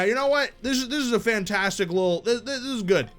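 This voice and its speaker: A man streaming a strategy game live, reading event text aloud and reacting with jokes and sudden loud shouts. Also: very high-pitched, fairly quick, few pauses, faint music behind. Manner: animated, jokey, bursts into loud shouts.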